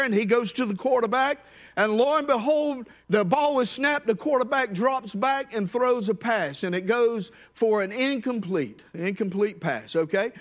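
A man preaching a sermon, telling a story and dropping low and quiet on key words, rising to shouts at the high points. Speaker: pastor.

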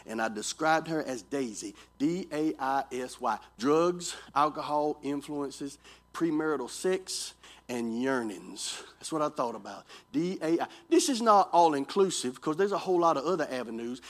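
High-voiced preacher man. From North Carolina, US. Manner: animated, repetitive, acts out scenes. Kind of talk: storytelling sermon to young people.

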